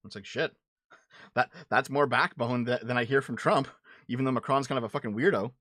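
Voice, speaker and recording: In clean studio audio with no room sound, a livestream show host argues politics with his chat, profane and blunt, frequently restarting and repeating words when heated. His medium-pitched voice is fairly quick and fairly bright.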